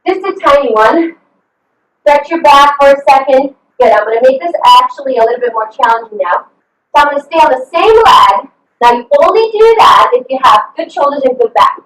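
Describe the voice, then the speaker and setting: A woman's voice: sits high, animated, a little fast, fairly bright tone. A woman fitness coach leading a live online workout, upbeat and encouraging, cheering her class on with whoops over a video call. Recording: echoey video call from a distant mic.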